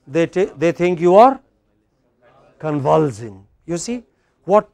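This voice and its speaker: Brief: middle-aged Indian English lecturer, higher male voice, dry close sound, drills and quizzes the class. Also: animated, normal speed, darkish tone, no echo. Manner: quizzing students, repeating words for drill. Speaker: English pronunciation teacher.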